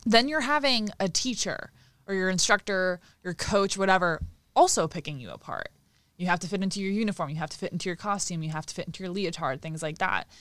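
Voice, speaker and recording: A young woman chatting casually, reacting expressively and adding quick opinionated asides. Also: on the low side, lively intonation, a bit bright, dry recording. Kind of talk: casual chat.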